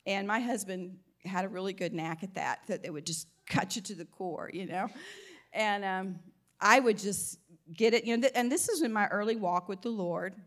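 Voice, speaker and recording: Woman, faint Southern twang, informal faith teaching, conversational, restarts phrases, mid pitch. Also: normal speed, a bit bright. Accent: slight Southern US twang. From American South. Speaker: Christian speaker.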